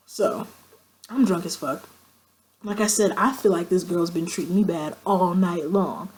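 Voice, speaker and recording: A vlogger spins a lengthy, foul-mouthed tale in a casual video, doing animated impressions of her friends with sudden pitch jumps. She's unhurried with long pauses, and the recording quality is low.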